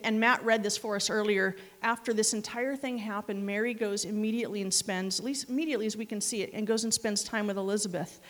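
A woman preaching a sermon, telling stories with laughs, asides and animated quoted reactions. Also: medium pitch. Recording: long hall reverb.

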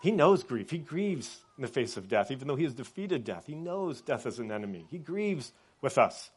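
A man preaching a sermon in a conversational way, often checking in with his listeners and dropping soft and quiet on reflective points. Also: medium pitch, very animated, moderate pace, husky. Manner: conversational, often adds "right?" as a tag. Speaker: pastor.

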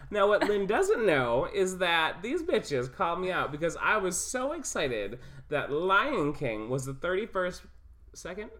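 Low-voiced woman joking on a podcast. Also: big pitch swings, a little slow, fairly bright tone. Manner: playful, jokey, slips into silly put-on accents. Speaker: podcast co-host. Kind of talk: casual podcast chat.

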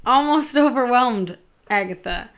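A woman's voice: on the high side, expressive, measured pace. A woman hosting a podcast, reading a romance story aloud and stopping for self-deprecating asides about her pronunciation. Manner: self-deprecating, laughs at her own slips. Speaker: podcast host and reader.

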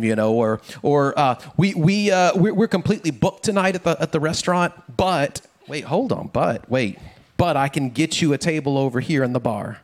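A man's voice: on the high side, animated, normal speed. A middle-aged man, a pastor, giving a casual, conversational sermon, often repeating words and checking in with "right?". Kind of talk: casual sermon with family stories.

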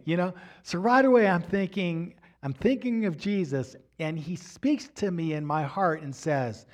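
A man teaching about his faith, telling a personal spiritual story with animated delivery. He repeats himself and often says "you know", and his voice ranges from hushed to near shouting. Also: high voice, measured pace, few pauses. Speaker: Christian teacher.

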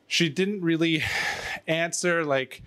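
A man's voice: fairly high pitch, slow, bright, forceful tone, clean tone. A man telling a rambling story in casual chat, out of breath, stumbling over fillers and laughing often. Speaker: storyteller guest.

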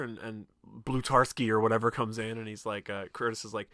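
A man's voice: lowish voice, flat delivery, fast talker, hardly any pauses, bright, forceful tone, no room sound, studio quality. A man hosting a podcast, casually retelling a film's scenes and acting out the characters' lines, with frequent swearing. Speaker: podcast host. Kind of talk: casual film recap chat.

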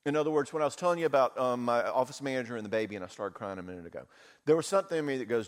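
A man's voice: medium pitch, rapid-fire. A man giving a conference talk, telling personal stories candidly and with feeling. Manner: candid, storytelling, emotional. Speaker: conference speaker. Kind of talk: talk with audience Q&A. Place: conference hall. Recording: reverberant hall.

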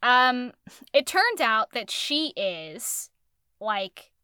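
A woman talks over a book in loose, rambling chat, her voice high and bright. She swears casually and keeps the tone animated. The recording is dry and close. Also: extremely slow, smooth, no room sound. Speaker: podcast co-host reviewing a book.

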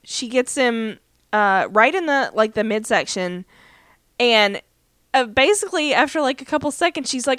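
A woman with a somewhat high voice co-hosts a casual podcast, recapping a TV show scene by scene. She rambles, padding her sentences with "um" and "like." The recording is dry and close, with no room sound. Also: expressive, normal speed, fairly bright tone, clear, resonant tone, no room sound. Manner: rambling retelling full of "um" and "like". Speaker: podcast co-host.

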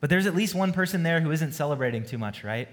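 A man preaching a sermon as pastor, earnest and storytelling, moving between hushed and emphatic delivery. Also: a little high, expressive, fast talker.

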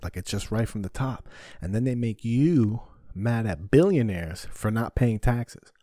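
A man rants on his own podcast, swearing freely and firing off rhetorical questions. His voice sits low and mellow. The sound is dry and close to the mic. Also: expressive, unhurried, no echo. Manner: heated, profane, rhetorical questions. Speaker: podcast host. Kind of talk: ranting solo podcast talk.

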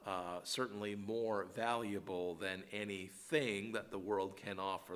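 A man's voice: fairly low pitch, fairly even intonation, unhurried, a bit bright. A man teaching an adult Bible class, reading scripture aloud with frequent "uh" fillers. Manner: frequent "uh" fillers, rises when reading verses. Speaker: Sunday school teacher.

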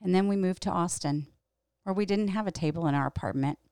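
A middle-aged woman tells a personal story in a reflective, candid tone and leans on emphatic repetition. Her voice sits low and has a gravelly texture. The recording is dry and close. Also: brisk, darkish tone, no room sound. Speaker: podcast host and pastor.

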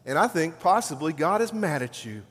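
A man's voice: fairly high pitch, very animated, moderate pace, fairly bright tone, husky, heavily acted. A preacher giving voice to a scornful male devil who taunts and accuses, heard with long hall reverb. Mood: taunting.

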